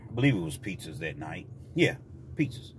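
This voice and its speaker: A man's voice: deep voice, fairly quick, a little hiss or hum. A man telling a personal story casually, acting out scenes as he goes. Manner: animated, acts out scenes.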